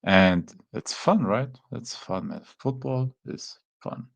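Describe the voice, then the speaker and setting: A man's voice: medium pitch, slow, creaky. A man with a German accent, a native German speaker, hosting a casual live watchalong and chatting to viewers with easygoing fillers. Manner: relaxed, chatty, talks to chat with fillers like "man". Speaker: watchalong host. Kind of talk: casual live-stream chat.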